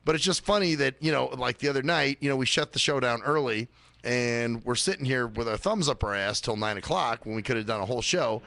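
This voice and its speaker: A man's voice: brisk, gravelly, sharp tone, no echo. A man hosting a small radio show, rambling and swearing a lot in a casual monologue. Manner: rambling, swears a lot, mimics others in high voices.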